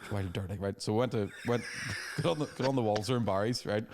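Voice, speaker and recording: A young Northern Irish man, co-hosting a comedy podcast, telling stories in a lively, swearing way. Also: fairly low pitch, brisk, background noise. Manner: animated storytelling with profanity and put-on quoted voices. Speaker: podcast co-host and stand-up comedian. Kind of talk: casual comedic chat.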